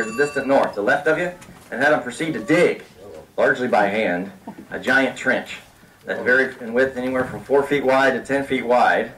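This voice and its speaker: A man working as a tour guide, explaining mining history to a group outdoors with emphatic, drawn-out storytelling. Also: medium pitch, a bit bright. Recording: distant outdoor mic with faint noise.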